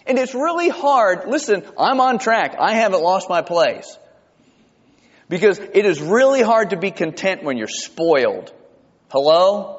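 Animated pastor preaching in a hall. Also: male voice, husky. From South Georgia, US. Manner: animated, storytelling with rises and drops in pitch. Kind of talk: sermon. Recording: reverberant hall, dull lo-fi sound.

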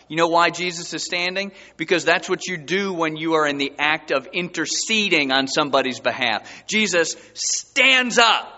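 Animated preacher in a big hall. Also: male voice, unhurried. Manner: animated preaching, voice surging high and loud for emphasis. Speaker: pastor. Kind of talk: sermon. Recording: dull sound with long hall reverb.

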